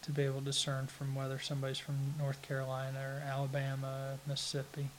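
A man with a Southern US accent, answering interview questions in an unhurried, plain-spoken way with halting restarts. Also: mid-range voice, completely flat delivery, a little hiss or hum. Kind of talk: casual interview conversation.

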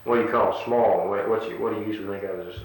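A man interviewing someone, coaxing answers with patient, halting prompts full of restarts. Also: lowish voice, fairly even intonation. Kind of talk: dialect elicitation interview. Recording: roomy old tape recording with hiss.

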